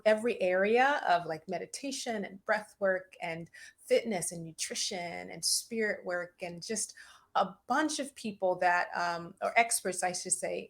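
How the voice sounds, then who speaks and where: Woman therapist on a podcast, calm measured talk, little laughs here and there. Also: fairly low pitch. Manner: reflective, measured, occasional laughs. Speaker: guest, therapist. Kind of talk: interview conversation.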